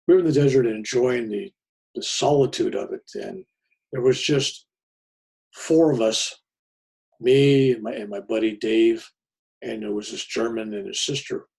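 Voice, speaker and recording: A man tells a personal story in a plain, folksy way. His voice is heavily gravelly and rough, and the tone stays raspy throughout. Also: on the low side, darkish tone. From United States. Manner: plainspoken and folksy, with many fillers and restarts. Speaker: pastor.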